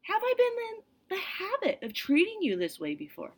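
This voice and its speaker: A woman's voice: very high-pitched, wildly swooping pitch, normal speed, pitched above the performer's own voice, full character voice. A woman voicing a wronged female talking donkey who asks reproachful questions in a raised, plaintive tone.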